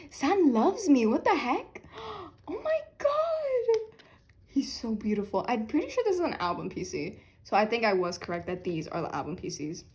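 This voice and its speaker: A young woman chatting casually while unboxing albums, excitable and quick to squeal and laugh. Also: medium pitch.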